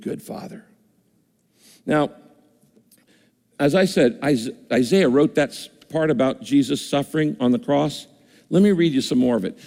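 A man's voice: medium pitch, creaky, warm tone. A man preaching a sermon as pastor, earnest, repeating words for emphasis. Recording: echoey hall reverb.

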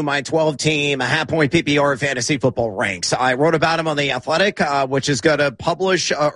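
A man's voice: fairly high pitch, fairly bright tone, no room sound. A man giving fantasy football predictions on a sports radio show, confident and full of puns.

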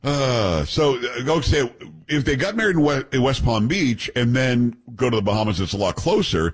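A male radio host trades teasing, laughing banter with his co-hosts. His husky voice swings up and down in a lively way. He keeps the talk casual. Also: medium pitch, moderate pace.

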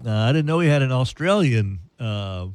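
A man's voice: mid-range voice, lively intonation, normal speed, a little mellow, dry recording. A man hosting a sports radio show in casual, playful banter with jokey asides.

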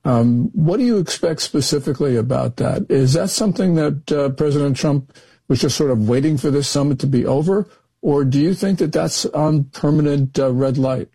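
A man's voice: on the high side, normal speed, dark tone, slightly rough, no echo, rough recording. A man on a political talk show who lays out background before putting probing questions to the guest. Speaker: panelist asking questions.

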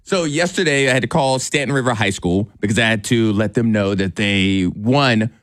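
A man's voice: on the low side, normal speed, no echo. A man hosting a radio morning show, telling stories in casual on-air banter from the studio. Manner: animated storyteller. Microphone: studio microphone.

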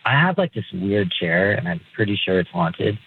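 A young man calling into a show, telling a dating story in a relaxed, rambling way full of fillers. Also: sits low, normal speed, creaky, crowd noise. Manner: laid-back, rambling with many "like"s. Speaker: caller. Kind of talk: casual phone-in storytelling. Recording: tinny phone line.

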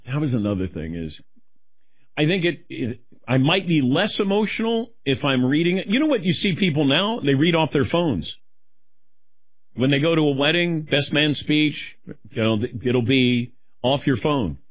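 A middle-aged man taking questions as a guest, rambling in a self-deprecating, animated way. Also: on the high side, moderate pace, dry recording. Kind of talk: casual rambling chat.

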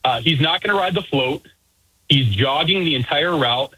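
A man's voice: fairly high pitch, animated, pushed and bright, husky, no room sound, rough recording. Playful male caller, dry line. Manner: playful, quick joking riffs. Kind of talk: call-in radio chat.

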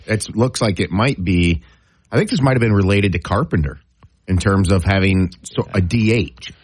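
A man's voice: low-pitched, moderate pace, breathy edge, no echo. A man co-hosting a sports radio show, making direct points and asking pointed questions. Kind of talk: casual sports talk.

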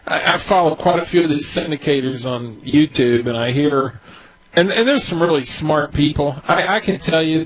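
A man who advises on real estate deals, talking unscripted and candidly, his voice climbing higher as he gets worked up. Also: poor audio. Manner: candid, grows agitated and higher-pitched. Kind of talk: unscripted commentary.

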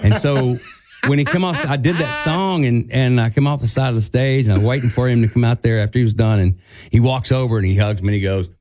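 A man co-hosting a radio show, telling a story in a casual, animated way and jumping into a higher voice to act out quotes. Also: a little fast. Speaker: guest co-host, country singer.

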